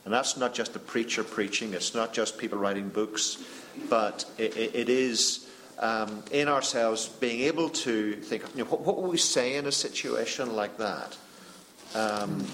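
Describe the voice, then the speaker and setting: A man moderating a panel discussion, reflective and earnest, often pausing and restarting. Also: medium pitch, a bit bright, a little hiss or hum.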